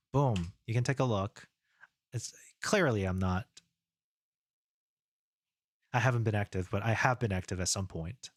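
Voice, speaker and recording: Low-voiced man thinking aloud. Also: dry recording. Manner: thinks aloud, relaxed and rambling. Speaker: game developer streamer. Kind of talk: casual live-coding stream.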